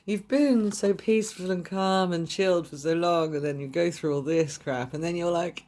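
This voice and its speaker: A woman's voice: on the low side, expressive, normal speed, a little mellow. A young woman reading tarot cards to camera in a chatty, gushing way, swearing freely. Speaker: tarot reader.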